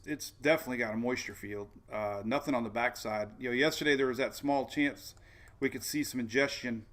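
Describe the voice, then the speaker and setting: A man's voice: mid-range voice, gravelly, a bit bright. A man hosting a casual weather livestream, chatty and folksy, often repeating himself and saying "man". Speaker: weather show host.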